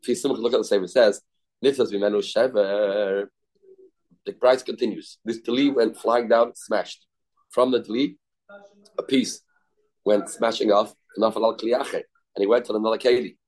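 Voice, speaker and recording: A man's voice: fairly low pitch, steady tone, moderate pace, a little mellow. A man giving a casual Talmud class, repeating terms and restarting sentences often. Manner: informal, restarts often, repeats terms, mixes Hebrew and Yiddish words. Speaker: Talmud teacher.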